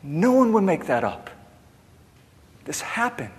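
Male pastor, sermon, slightly high voice, long hall reverb, dramatic loud-to-soft swings. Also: very animated, slow. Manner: impassioned preaching, swings from loud emphasis to hushed.

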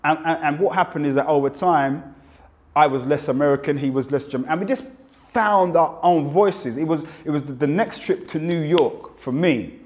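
A man's voice: on the high side, moderate pace. A man in his fifties with a London accent, recalling his music career in an interview, telling stories and acting out what people said. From England. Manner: animated storyteller, acts out quotes. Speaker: interviewee, rapper. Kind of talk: reflective interview talk.

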